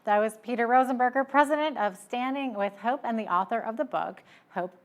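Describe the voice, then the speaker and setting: A woman's voice: on the high side, brisk, noisy background. A woman hosting a TV news interview, responding eagerly and affirming her guest. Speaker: news show host.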